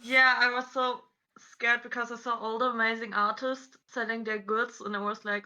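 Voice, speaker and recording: Chatty high bright-voiced woman cosplayer. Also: little pitch movement, normal speed, hardly any pauses, muffled recording. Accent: non-native English speaker. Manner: chatty, storytelling, many "like" fillers. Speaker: guest cosplayer on a convention panel. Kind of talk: casual chat. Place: convention panel stage.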